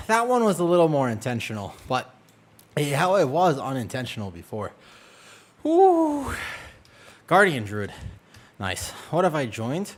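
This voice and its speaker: A man chatting casually on a live game stream, excitable and full of quick exclamations. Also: mid-range voice.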